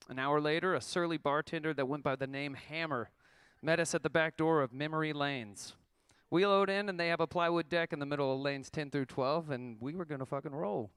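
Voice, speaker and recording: A man's voice: a little high, a little fast, a bit bright, clear, resonant tone, no echo. A man in his thirties telling a wry, profane story about his band's tour, reading a prepared account to an audience. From Oklahoma.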